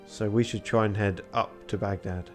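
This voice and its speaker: A man's voice: lowish voice, fairly even intonation, normal speed, soft background music. A tired man streaming a game, reading its text aloud and making wry, muttered asides.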